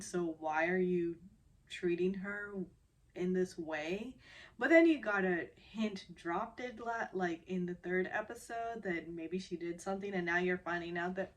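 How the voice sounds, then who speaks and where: A woman recapping a drama episode in a casual, chatty way, getting emotional and holding back tears as she talks. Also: mid-range voice. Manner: chatty and informal.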